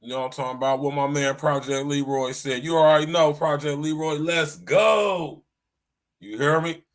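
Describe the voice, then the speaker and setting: A man hosting his own podcast, talking loud and casual in a slangy style, coughing now and then and saying "man" at the end of nearly every line. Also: on the high side, flat delivery, quick pace. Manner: loud, slangy, repeats "man" and "you know what I'm saying". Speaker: podcast host.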